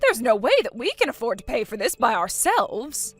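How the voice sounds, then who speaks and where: A woman's voice: a little high, big pitch swings, normal speed, faint music behind. A woman reading both sides of a text-message quarrel as a scripted story, scornful and breaking into mocking laughter.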